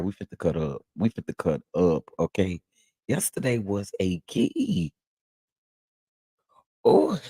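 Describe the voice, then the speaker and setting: Gravelly, animated Texan man livestreaming. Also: dry recording, studio quality. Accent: Southern US (Texas). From Texas. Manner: animated, laughing, jumps into high exclamations. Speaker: livestream host. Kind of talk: casual livestream chat reading comments.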